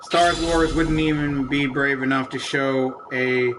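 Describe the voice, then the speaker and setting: A man's voice: mid-range voice, fairly even intonation, unhurried, noisy background. A man hosting a let's play, chatting casually with viewers in a profane, ranting way and laughing often. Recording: distant mic with game music behind.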